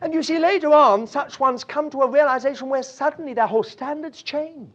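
A man's voice: extremely high pitch, a little fast, a bit bright. A man preaching a sermon, drifting into chuckling anecdotes with many fillers. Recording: dull lo-fi recording.

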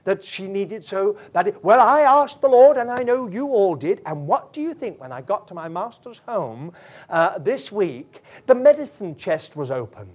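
A man voicing an excited male churchgoer giving a joyful testimony before the congregation. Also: sits high, normal speed, a little hiss or hum. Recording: dull lo-fi recording.

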